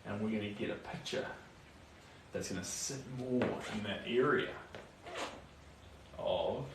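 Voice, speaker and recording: Man, new zealand accent, young adult, casual live-stream chat, noisy background. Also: mid-range voice. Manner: chatty, answers viewer comments, mutters while painting. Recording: echoey room, distant mic, noisy.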